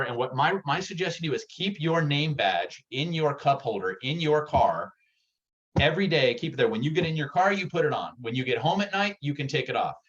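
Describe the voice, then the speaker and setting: Excitable man coaching a sales workshop. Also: on the high side. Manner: energetic, excitable, punchy and direct. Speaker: real estate sales coach. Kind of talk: workshop presentation. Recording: dull lo-fi recording.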